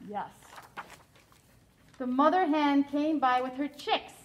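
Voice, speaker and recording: A woman teacher reading a picture book aloud to children, animated, stopping to explain and ask questions in a classroom. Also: high voice, slow, muffled recording, noisy background.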